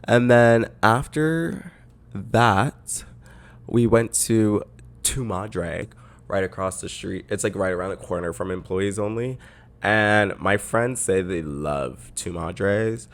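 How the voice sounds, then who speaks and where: A man's voice: lowish voice, slow. A man hosting a podcast, telling a story in a chatty way full of "like" fillers, close to a microphone. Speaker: podcast host. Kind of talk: casual storytelling.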